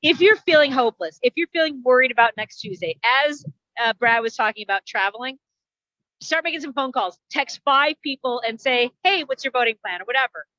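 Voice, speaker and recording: A woman's voice: high voice, expressive, fairly quick, a bit bright, no room sound, highs cut off. A woman comedian delivering a wry, chatty stand-up monologue over a video call.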